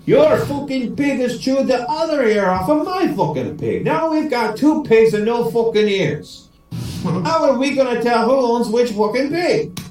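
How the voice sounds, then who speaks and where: A man's voice: very high voice, big pitch swings, measured pace, a little mellow, very echoey, pitched above the performer's own voice, exaggerated voice. A man voicing an angry swearing Irish farmer in a put-on Irish accent, far from the mic. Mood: furious. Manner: furious, cursing, storming in.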